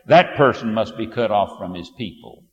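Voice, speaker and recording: A man's voice: fairly low pitch, lively intonation, normal speed, dull audio. Emphatic preacher man in a reverberant hall. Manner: emphatic, rising to forceful declarations. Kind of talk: sermon with scripture reading.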